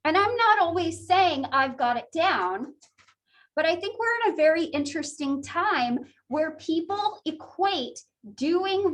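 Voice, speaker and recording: High-voiced woman lecturing a class. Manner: chatty, jokey, animated asides. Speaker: psychology instructor.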